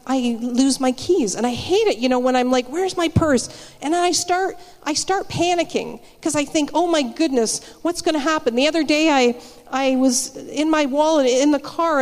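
High-voiced chatty woman preaching in a hall. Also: a little mellow. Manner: chatty, storytelling, with frequent restarts. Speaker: church speaker. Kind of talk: casual spoken sermon.

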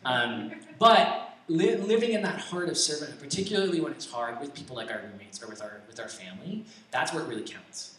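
Brisk and a bit bright, with lively intonation, a young man's mid-range voice carries an informal sermon built on personal stories. He rambles, restarts a lot and uses self-deprecating humor. The recording comes from a distant mic in an echoey room with faint ambience.

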